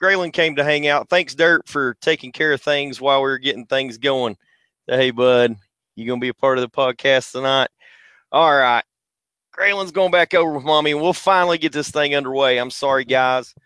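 A man's voice: medium pitch, normal speed, clear, resonant tone, no room sound. A man with a Southern US accent hosting a casual livestream podcast on a headset, laid-back and slangy as he greets viewers by name. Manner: laid-back, slangy, shouting out chat names. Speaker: podcast host.

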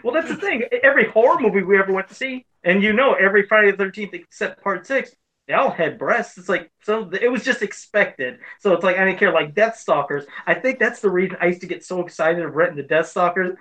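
A man's voice: high-pitched, expressive, quick pace, bright, forceful tone. A man on a podcast chatting laid-back about movies he watched growing up. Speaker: podcast co-host. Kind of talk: casual chat.

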